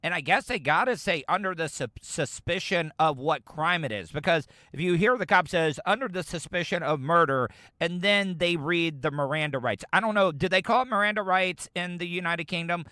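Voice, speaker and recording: A man's voice: fairly high pitch, normal speed, few pauses, bright, forceful tone, no echo, clean studio sound. A man from the United States hosting a podcast, rambling casually as he reacts to audio clips. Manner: rambling, chatty, frequent restarts. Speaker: podcast host.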